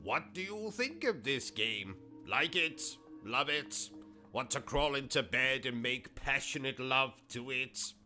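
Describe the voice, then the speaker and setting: A man with a British accent hosting a gaming livestream, delivering pompous, insulting, deadpan absurd comedy. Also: medium pitch, slow, faint music behind. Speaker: gaming streamer host. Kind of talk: comedic in-character livestream monologue.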